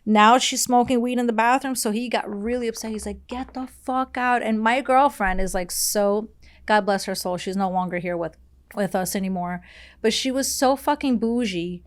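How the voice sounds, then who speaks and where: A Brazilian woman, a guest on a podcast, tells her story in a casual interview at a moderate pace and a medium pitch. She's candid and rambling, full of "like"s and blunt swearing.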